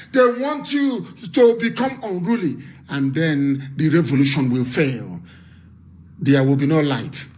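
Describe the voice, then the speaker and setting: A man from Nigeria with a Nigerian accent, giving a fiery, repetitive live radio address as an activist broadcaster. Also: sits high.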